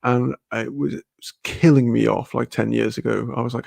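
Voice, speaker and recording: A man's voice: medium pitch, fairly even intonation, normal speed, vocal fry, a little mellow, dry recording, clean studio sound. A man with a British accent chatting casually on a live stream, reading comments aloud, rambling, laughing often and swearing freely.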